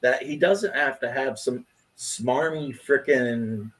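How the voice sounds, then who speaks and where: A man's voice: medium pitch, slow pace. A man in his fifties hosting a casual chat, telling stories bluntly with profanity. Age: 50s. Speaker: host.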